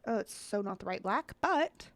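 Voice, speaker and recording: A woman of middle pitch chats her way through a game-building session, thinking aloud, second-guessing her picks and turning to the viewers now and then. Her voice is close and dry, with no room sound around it. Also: animated, normal speed, no echo. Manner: chatty, thinks aloud, often addresses the viewers. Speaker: Sims content creator. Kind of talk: casual commentary while playing a game.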